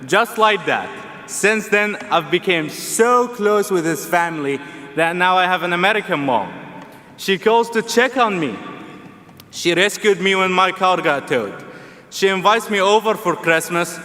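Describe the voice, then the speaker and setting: A man's voice: high voice, animated, a little slow, bright, forceful tone. A young man from Egypt with an Egyptian Arabic accent, giving a humorous, earnest commencement speech in a large arena. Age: young adult. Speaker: student commencement speaker. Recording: long arena reverb.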